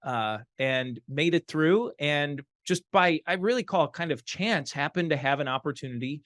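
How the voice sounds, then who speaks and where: A man from the Chicago area being interviewed as a guest in a studio, answering in a friendly, measured way with many fillers. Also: a little high, animated, a bit bright, no room sound. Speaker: guest, franchise consultant. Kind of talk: casual interview.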